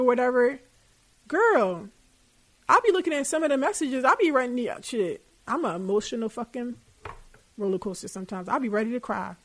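Young woman podcast host, a little higher voice, blunt and profane, casual advice talk. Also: moderate pace. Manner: candid and profane, colloquial.

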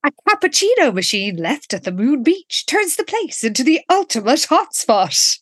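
Woman co-host with a lively high voice. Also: moderate pace, dry recording. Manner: reads episode blurbs aloud and comments wryly. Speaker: podcast co-host. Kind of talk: casual chat reviewing an episode.

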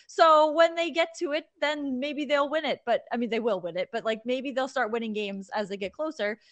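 A young woman from Connecticut with no regional accent, co-hosting a casual sports betting chat in an animated, opinionated way. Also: high-pitched, moderate pace. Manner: animated, opinionated, chatty with fillers. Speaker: sports betting podcast co-host.

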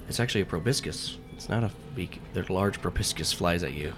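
A man's voice: deep voice, brisk, hardly any pauses, music in the background. A man running a tabletop game as game master, joking loosely and tripping over words as he narrates.

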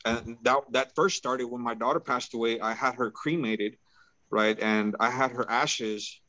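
A man's voice: mid-range voice, measured pace, pushed and bright, low-quality recording. A man as a podcast guest, telling a personal story in a laid-back, casual way and peppering his talk with "bro" and "right?".

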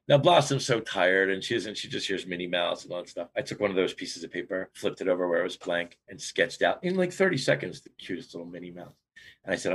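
A man guest on a podcast, telling a long personal story in an animated way with big swings in pitch. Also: quick pace, creaky, slightly rough. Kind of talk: storytelling interview.

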